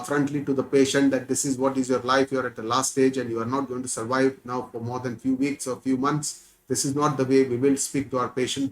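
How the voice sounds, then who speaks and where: A man's voice: mid-range voice, poor audio. A middle-aged man with an Indian English accent giving a spiritual discourse, earnest, repeating words for stress. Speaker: Gita teacher.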